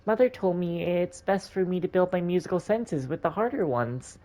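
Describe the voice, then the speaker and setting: A man's voice: sits high, moderate pace, dark tone, voice pushed up, lightly acted. A man voicing a polite, eager young girl who practises piano in a video game. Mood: bright, eager. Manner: chirpy and polite.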